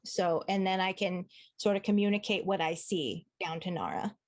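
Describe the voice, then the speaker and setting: A woman's voice: fairly low pitch, fairly even intonation, moderate pace. A woman playing in a tabletop game, chatting and thinking aloud about her moves. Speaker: player. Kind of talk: casual tabletop play.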